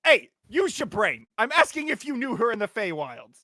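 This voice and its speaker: A man playing a tabletop game, loud and exasperated, swearing often. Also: extremely high pitch, huge pitch swings, normal speed. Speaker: player.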